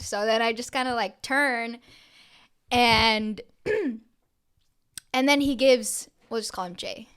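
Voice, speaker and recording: A woman's voice: fairly high pitch, sing-song, takes it slowly, fairly bright tone, clean tone. A young woman co-hosting a podcast, telling a story in a casual chat. She swears freely and acts out the lines of the people in it. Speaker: podcast co-host.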